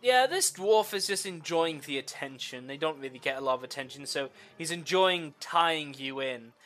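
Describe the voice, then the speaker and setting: A man narrating as the game master of a tabletop game, pausing often with fillers while he describes scenes. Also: fairly high pitch, expressive, a bit bright, faint music behind.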